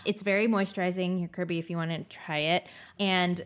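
A young woman with a lowish voice chats casually about beauty products as a co-host. She talks freely, loose and full of fillers. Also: fairly even intonation, a little fast. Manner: chatty, lots of fillers. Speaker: podcast co-host.

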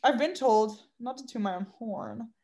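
A woman's voice: a little high, normal speed. A young woman, co-hosting a podcast, telling fired-up stories about difficult customers in casual chat. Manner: ranting, animated storytelling about customers. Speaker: podcast co-host.

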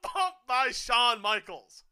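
Bright, excitable man calling wrestling. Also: extremely high pitch, takes it slowly, clean tone. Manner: swings from hushed muttering to sudden shouting; profane, laughs often. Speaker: co-host of a wrestling watch-along. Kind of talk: excited live match commentary.

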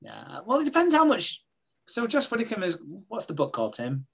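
A man, co-hosting a casual podcast and retelling soap storylines with swearing and quick impressions of the characters. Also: sits high, huge pitch swings, vocal fry, a bit bright. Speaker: podcast co-host recapping a soap. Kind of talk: casual chat.

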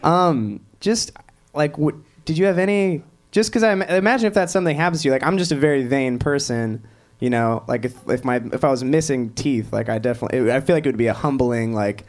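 A man's voice: medium pitch, fairly quick. A man hosting a casual live talk show, rambling and self-deprecating with lots of fillers. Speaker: host. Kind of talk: casual chat.

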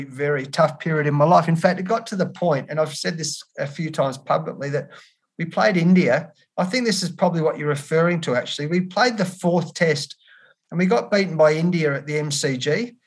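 A man's voice: a little high, fairly quick. A man in his fifties with an Australian accent, a cricket coach frankly telling stories as a guest and calling the host mate. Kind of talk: candid interview storytelling.

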